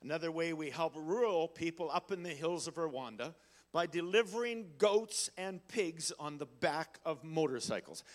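Older Canadian preacher, folksy storyteller, slightly higher voice, swings from hushed to loud. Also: male voice, moderate pace. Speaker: guest preacher and missionary. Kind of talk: sermon.

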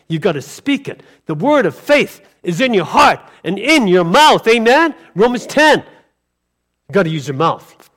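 High-voiced guy preaching, lots of "amen?" and questions to the crowd, gets loud. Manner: emphatic, rhetorical questions and call-and-response. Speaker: pastor. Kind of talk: sermon.

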